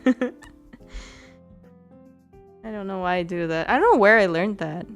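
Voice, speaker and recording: A woman's voice: mid-range voice, animated, normal speed, long pauses. Woman, streamer, casual chat, rambling, giggly, lots of fillers, faint music behind.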